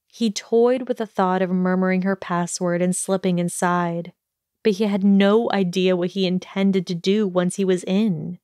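A woman's voice: fairly low pitch, fairly even intonation, a little slow, mellow, clean tone, dry recording, clean studio sound. Woman narrating a fan-fiction audiobook. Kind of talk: scripted narration.

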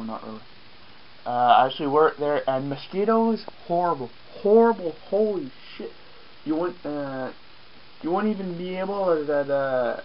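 A man's voice: fairly high pitch, muffled recording, a little hiss or hum. Rambling man with an Acadian French accent. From Acadian, New Brunswick. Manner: rambling, self-mocking, swears casually. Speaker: vlogger. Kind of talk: casual outdoor vlog. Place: outdoors on a farm, rainy day.

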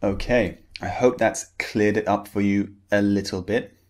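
Slow, deliberate British teacher, lowish voice. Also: male voice, steady tone. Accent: British English. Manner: slow and deliberate, repeating model words and sounds for learners. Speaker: pronunciation teacher. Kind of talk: recorded pronunciation lecture.

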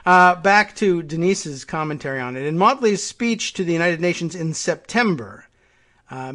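A man hosting a talk show reads an article aloud in a slightly high voice. He keeps drifting into chatty, half-muttered asides. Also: fairly bright tone. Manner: chatty, muttering asides while working the computer.

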